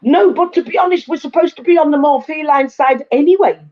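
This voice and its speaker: A woman's voice: high voice, fairly quick, highs cut off. A woman guest in a casual chat, talking earnestly and repeating her points.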